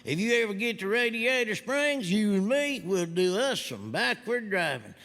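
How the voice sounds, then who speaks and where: A man's voice: high voice, very animated, moderate pace, fairly bright tone, long reverb tail, pitched above the performer's own voice, exaggerated voice. A man voicing a cheerful, friendly male tow truck, drawling and full of homespun sayings.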